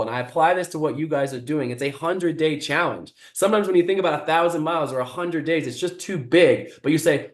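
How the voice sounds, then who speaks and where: A man telling a motivational story with animated, vivid delivery. His voice sits a little higher than most men's, and it carries a roomy echo. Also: fast talker, few pauses. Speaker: guest speaker, explorer.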